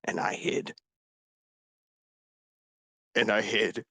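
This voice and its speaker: A man voicing a grief-stricken dragonborn warrior, confessing in a raw, halting way with whispered breaks. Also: lowish voice, flat delivery, vocal fry, bright, forceful tone, slightly rough, no echo, exaggerated voice. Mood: grieving. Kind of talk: tabletop role-play character speech.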